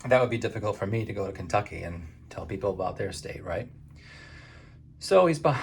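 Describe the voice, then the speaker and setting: A man from Maine talks through a book review in a loose, conversational way, pausing on fillers. His voice is low and gravelly, with a faint hiss behind it. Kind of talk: casual spoken book review.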